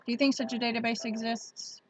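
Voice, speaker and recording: A woman's voice: fairly high pitch, flat delivery, a little fast, slight background noise, low-quality recording. A woman hosting a casual livestream, chatting with viewers and laughing often. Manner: chatty, laughs often, reads out chat comments. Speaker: livestream host.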